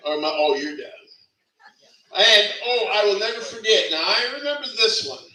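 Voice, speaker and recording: High bright-voiced man telling funeral stories. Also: expressive, moderate pace. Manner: rambling, laughing through stories, self-correcting. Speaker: eulogy speaker. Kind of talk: funeral eulogy storytelling. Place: funeral service venue. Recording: echoey room, distant mic.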